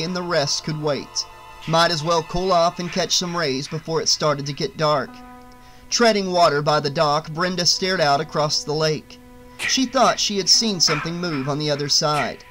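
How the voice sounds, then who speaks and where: A man reading an audiobook aloud in a steady, expressive way. His voice sits a bit high for a man. Quiet music plays faintly beneath him. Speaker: audiobook narrator. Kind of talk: audiobook narration.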